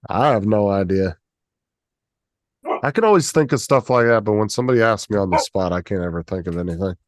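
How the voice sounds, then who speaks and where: A man with a fairly low voice chats loosely on his stream, cursing freely and laughing at the comments. The sound is dry and close, with no room around it. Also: a little fast, dry recording. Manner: laid-back, profane, laughs often. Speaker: streamer host. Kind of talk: casual livestream chat.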